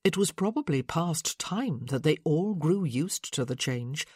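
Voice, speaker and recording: A woman narrating a historical romance audiobook in an expressive, measured storytelling manner. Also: low-pitched, husky, no room sound, clean studio sound.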